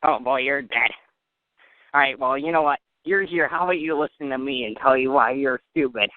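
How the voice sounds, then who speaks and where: Fighting a cold, the host of a call-in comedy show jokes in a mock-serious, teasing way and laughs at his own gags. He speaks at a moderate pace in a mid-range voice, heard through tinny, dry phone-line audio with no room sound.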